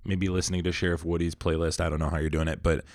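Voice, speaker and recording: Deep-voiced podcast host, dry studio sound. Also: male voice, little pitch movement, fast talker, darkish tone, no echo. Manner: upbeat, chatty welcoming host patter. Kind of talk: casual pop culture podcast chat. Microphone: studio microphone.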